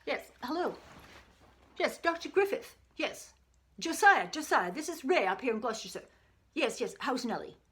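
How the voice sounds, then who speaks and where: A woman's voice: sits high, sing-song, normal speed, fairly bright tone, pitched above the performer's own voice. A woman playing a chummy male country doctor from 1918, chatting heartily on an improvised phone call. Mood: hearty.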